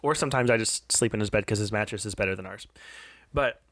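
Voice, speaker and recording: A man in his thirties, a podcast co-host, telling a personal parenting story in an earnest, confessional way, with restarts and soft, quiet stretches. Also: lowish voice, quick pace, no echo.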